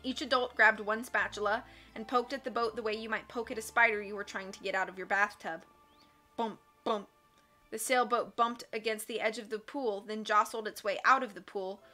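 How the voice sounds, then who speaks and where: A woman reading a storybook aloud in a measured, expressive way, with faint music behind. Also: mid-range voice. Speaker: audiobook reader. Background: faint background music.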